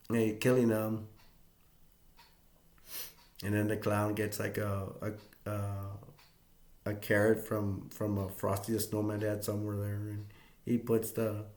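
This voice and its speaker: A man retells a movie in a loose, rambling way, full of fillers, restarts and chuckles. His voice sits low, and the room around him adds a clear echo. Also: a little mellow. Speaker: movie reviewer. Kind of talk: casual retelling of a film. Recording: echoey room.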